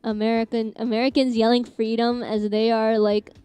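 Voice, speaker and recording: Young Canadian woman streamer, giggly chat, higher voice, smooth and clear over soft music. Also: little pitch movement, normal speed. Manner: giggly, chatty, reacting to chat. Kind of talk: casual live-stream chat.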